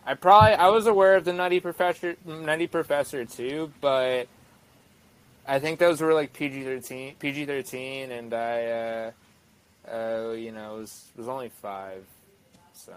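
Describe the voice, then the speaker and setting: A man's voice: medium pitch, steady tone, normal speed, clean tone, low-quality recording. A man in his twenties, a guest actor, chatting casually on a podcast, rambling with many fillers and restarts.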